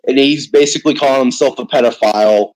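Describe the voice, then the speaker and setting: A man's voice: mid-range voice, fast talker, a little mellow, poor audio. A man hosting a casual online chat, rambling and steering the talk from topic to topic. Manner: rambling, restarts and hedges, leads the talk. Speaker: podcast host.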